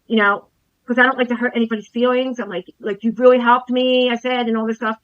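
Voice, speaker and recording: A middle-aged woman speaks fast in a fairly high, steady, slightly bright voice, giving an earnest testimonial to camera about being a coaching client. She repeats her points and stresses her grievances emphatically; the audio sounds dull.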